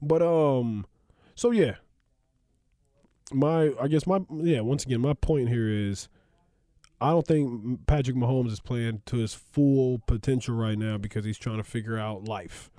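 A man's voice: medium pitch, unhurried, dry recording, studio quality. A man hosting a sports podcast, talking casually with lots of laughs and asides. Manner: animated, laughs often, rambling asides.

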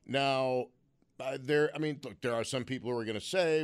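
A man's voice: mid-range voice, moderate pace, clear, resonant tone. A man hosting a call-in radio show, musing wryly and asking probing questions of callers. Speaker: radio talk show host.

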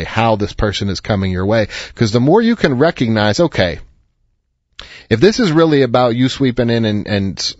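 A man's voice: mid-range voice, darkish tone, no room sound. Earnest man giving advice, dry dull sound. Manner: earnest, reassuring, with frequent restarts. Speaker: advice show host.

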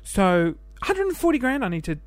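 A man's voice: sits high, sing-song, normal speed, no room sound. A man in his twenties with an Australian accent, hosting a casual solo podcast, chatty and self-deprecating as he jumps from one topic to the next. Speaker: podcast host.

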